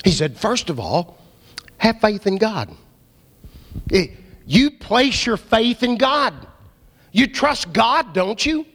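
A man preaching a sermon, dramatic, swinging from loud emphasis to hushed low asides. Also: sing-song, slow pace, long pauses. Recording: hall reverb.

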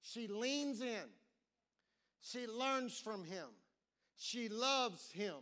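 A man preaching with a high, bright voice. He delivers a sermon dramatically, stretching out key phrases and stumbling through repeated words as he presses his points home. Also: animated, drawn-out words. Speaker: pastor.

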